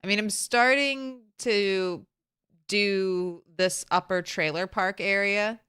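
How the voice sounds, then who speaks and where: A woman's voice: medium pitch, fairly even intonation, slow pace, a bit bright, smooth, no room sound, studio quality. A woman game streamer chatting casually from home, greeting viewers by name and laughing often.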